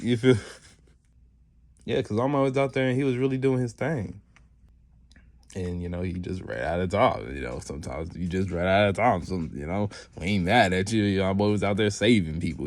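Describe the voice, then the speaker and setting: Low-voiced dude recapping a story, super casual and slangy, lots of "you know". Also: male voice, a little mellow. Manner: rambling, loose slangy delivery with many fillers. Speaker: channel host recapping a fan story.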